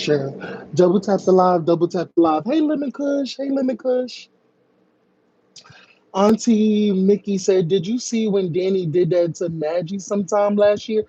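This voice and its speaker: Slow husky lady gossiping on a live stream, dull lo-fi audio, slangy and chatty. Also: dark tone, no room sound. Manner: chatty, slangy, reads viewer comments aloud; jumps into high mocking voices when acting out scenes. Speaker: livestream host.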